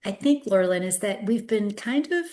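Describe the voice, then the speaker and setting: A woman hosting a podcast interview who speaks in a measured, thoughtful way, with hesitations and some throat-clearing. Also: mid-range voice, lively intonation, mellow. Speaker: podcast host. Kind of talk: interview conversation.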